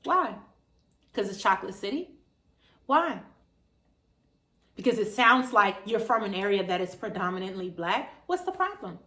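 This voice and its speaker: A woman from Maryland with a Washington D.C. area accent, talking casually and emphatically to camera with slangy, lively delivery. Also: mid-range voice, moderate pace, pauses often, reverberant. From Maryland, USA. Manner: animated, emphatic, slangy, quotes other voices. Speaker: vegan vlogger. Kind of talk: casual direct-to-camera talk.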